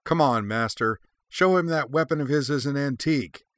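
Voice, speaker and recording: A brash young Jedi apprentice shouts taunts from the sidelines, performed by a man in a storybook reading. The voice sits noticeably higher than the narrator's own. The tone is sharp and forceful, with a restless eagerness. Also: moderate pace, no room sound, clean studio sound, natural voice. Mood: eager taunting.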